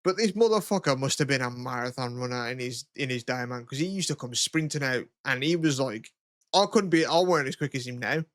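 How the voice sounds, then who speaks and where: This podcast co-host is a young man from England speaking fairly quickly in a medium-pitched, fairly bright voice, with no room sound. In easygoing conversation, he spins rambling stories laced with swearing and frequent laughter.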